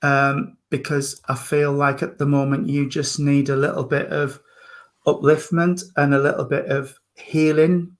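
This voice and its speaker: A man's voice: a little high, little pitch movement, a little slow. A man, a reverend and medium, hosting an online service with affectionate, chatty readings over a video call. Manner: affectionate, calls people darling and sweetheart.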